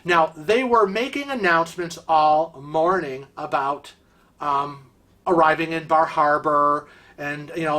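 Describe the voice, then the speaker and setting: A man's voice: a little high, bright, forceful tone. A man telling cruise stories in a chatty, rambling way, with many fillers. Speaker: cruise vlogger. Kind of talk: casual storytelling.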